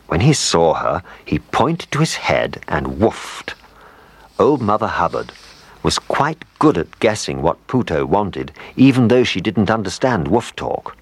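A man's voice: deep voice, breathy edge. A man reading a children's story aloud, playful, with asides to the listener.

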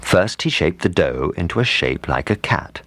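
A man reading a children's storybook aloud with expressive, lively intonation. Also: low voice, moderate pace, no room sound.

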